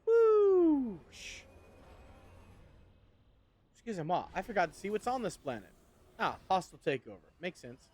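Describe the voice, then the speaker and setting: A man's voice: high voice, very animated, fast. A man streaming a video game, chatting casually and wryly to viewers, swearing freely as he plays. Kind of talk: casual gameplay commentary.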